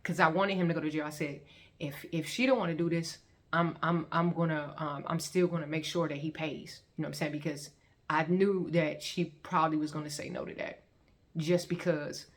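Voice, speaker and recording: A woman. She tells it in an animated, repetitive way, acting out what people said. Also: sits low. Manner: animated storytelling with repeated phrases and acted-out quotes. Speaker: testimony vlogger. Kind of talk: emotional personal testimony.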